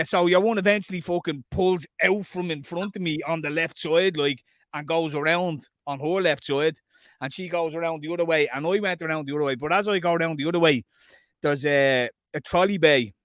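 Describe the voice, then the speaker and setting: A man, co-hosting a podcast, telling a profane, animated story in casual chat and loudly acting out what people said. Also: a little high, no room sound. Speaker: podcast co-host.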